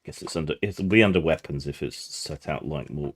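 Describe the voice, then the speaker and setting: A man narrating as game master of a tabletop game, relaxed and descriptive with many fillers. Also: extremely low pitch, fairly quick, breathy edge.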